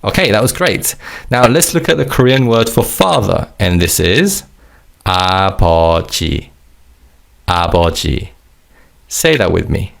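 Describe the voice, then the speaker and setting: A man's voice: medium pitch, big pitch swings, normal speed, vocal fry. A man teaching a recorded language lesson, explaining words patiently and leading repeat-after-me drills.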